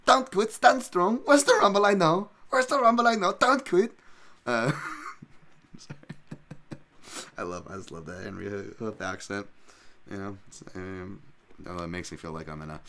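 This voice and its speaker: Man, lowish voice, podcast host, casual fight analysis, rambling, self-correcting. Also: a bit bright. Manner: rambling, self-correcting, lots of fillers and asides.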